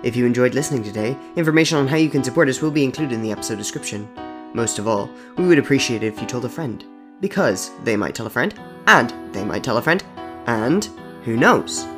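A man narrating a storybook audio drama in a measured, deadpan way. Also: medium pitch. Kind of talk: scripted narration. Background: soft music.

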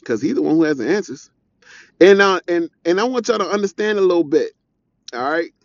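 A man's voice: a little high, dry recording, dull audio. A young man giving an informal, earnest preaching talk, conversational and repeating his points. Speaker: devotional speaker.

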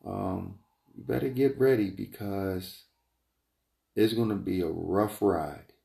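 A man giving a rambling opinion monologue, emphatic and repetitive, wandering off on tangents and climbing high in pitch when he gets heated. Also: takes it slowly, vocal fry, dark tone. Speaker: entrepreneur vlogger. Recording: roomy echo.

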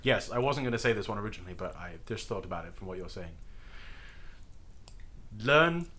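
Bright, wry man. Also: fairly low pitch, expressive, brisk. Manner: dry, wry and blunt. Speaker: podcast co-host. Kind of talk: casual chat.

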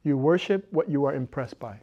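A middle-aged woman pastor preaching a sermon in an animated way, moving from loud exhortation to quiet intensity and laughing often. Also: rumbling low, fairly quick, lo-fi sound.

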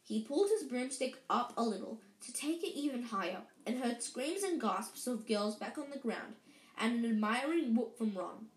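A woman reading a children's story aloud in a lively way, with frequent slips and restarts. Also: fairly high pitch, moderate pace. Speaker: reader. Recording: roomy echo.

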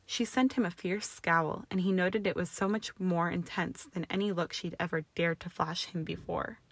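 A woman reading fan fiction aloud in a steady, measured narration. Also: on the low side, no room sound. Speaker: audiobook reader.

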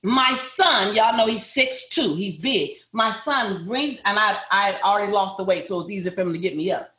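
A woman's voice: mid-range voice, moderate pace, pushed and bright. A middle-aged woman, a business owner, telling a personal story to a group in an emphatic, repetitive way and speaking straight to her listeners. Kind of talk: motivational storytelling. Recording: roomy echo.

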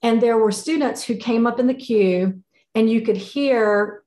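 A woman with a fairly high voice tells a story in a casual chat, stumbling and repeating words as her feelings rise. Her voice rings with the echo of a roomy space. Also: unhurried, warm tone. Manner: emotional, repeats and restarts phrases.

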